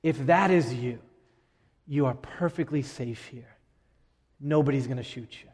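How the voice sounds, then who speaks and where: A middle-aged man preaching a sermon as pastor, emphatic, with dramatic pauses and swings from loud to hushed. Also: medium pitch, slightly rough. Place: church sanctuary. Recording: long reverb of a large hall.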